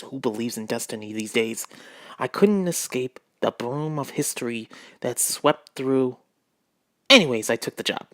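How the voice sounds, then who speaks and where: A man's voice: medium pitch, fairly bright tone, dry recording, studio quality. A man reading a children's book aloud at home, putting on a drawl for the dog narrator and breaking off to mock the text. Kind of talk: reading aloud with joking asides.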